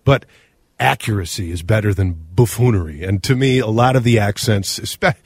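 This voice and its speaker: A man with a Minnesota accent co-hosting a casual radio talk show, animated and rambling, often correcting himself mid-sentence. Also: lowish voice, moderate pace, slightly rough, no room sound. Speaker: radio co-host.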